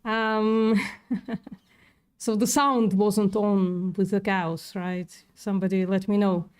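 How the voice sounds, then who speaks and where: Woman streamer, non-native English accent, slow sarcastic casual chat, mid-pitched. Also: little pitch movement, clear, resonant tone. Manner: sarcastic, swears casually, laughs often. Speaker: livestreamer.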